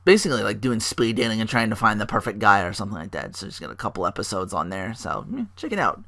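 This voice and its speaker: A man hosting a casual solo podcast, rambling excitedly with swearing and fillers. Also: lowish voice, quick pace, gravelly. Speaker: podcast host.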